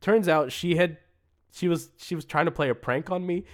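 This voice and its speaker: A young man in casual chat, telling a story in a rambling, halting way, often laughing at himself. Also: fairly high pitch. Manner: rambling, halting, laughs at his own stories. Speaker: co-host reading reviews.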